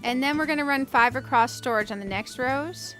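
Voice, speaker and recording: A slightly fast, somewhat bright voice that sits high comes from a woman hosting a gaming channel, with soft music behind her. She chats with viewers during a casual let's-play, building as she thinks aloud and playfully teases herself.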